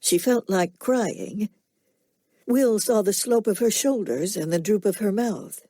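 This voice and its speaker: A woman narrating an audiobook in a measured, unhurried storytelling manner. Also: medium pitch, expressive, dark tone, husky, no echo, clean studio sound. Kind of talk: scripted narration.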